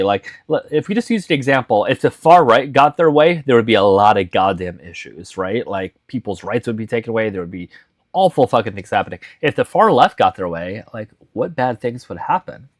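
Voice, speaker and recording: A man hosts a casual live stream, blunt and teasing, with swearing in easy supply. His voice sits on the low side. The sound is dry and close, with no room around it. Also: no echo.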